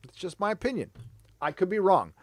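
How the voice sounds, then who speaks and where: A man's voice: sits high, big pitch swings, brisk, dry recording, studio quality. A man from San Diego hosting a live stream, chatting casually in a rambling, self-deprecating way. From San Diego, California. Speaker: livestream host.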